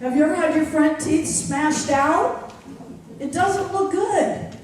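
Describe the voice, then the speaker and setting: A woman telling a story live on stage, deliberate and dryly wry, confiding in the audience. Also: high-pitched, darkish tone, a little hiss or hum. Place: theater stage. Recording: echoey theater from far off.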